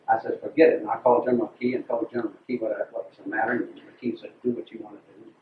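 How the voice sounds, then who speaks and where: An older retired officer tells a blunt, dry war story to a squadron. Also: male voice, mid-range voice, level tone, very fast. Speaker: retired Air Force colonel recounting a mission. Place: large room with an audience. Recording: distant, roomy, phone-like with faint noise.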